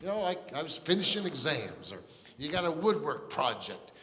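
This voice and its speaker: A man's voice: a little high, big pitch swings, moderate pace, bright, forceful tone. A man preaching a sermon as pastor, earnest and conversational, with asides and restarts. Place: church sanctuary. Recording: long church reverb.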